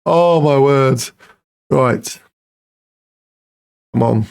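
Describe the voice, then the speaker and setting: A man commentating his own football management game, excitable and pleading at the screen, swearing now and then. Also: mid-range voice, very slow, gravelly, clear, resonant tone. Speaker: gaming YouTuber.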